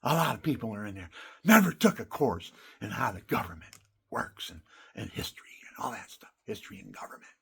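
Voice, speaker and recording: A man delivering a rambling, indignant rant, swinging from loud outbursts to hushed asides. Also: on the low side, big pitch swings, brisk, vocal fry, slightly rough.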